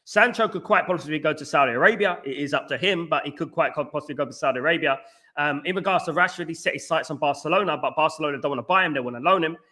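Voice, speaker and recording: A young man from England, hosting a casual fan livestream, rambling, repeating himself and giving viewers shout-outs. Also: a little high, rapid-fire. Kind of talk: casual livestream chat, reading viewer comments.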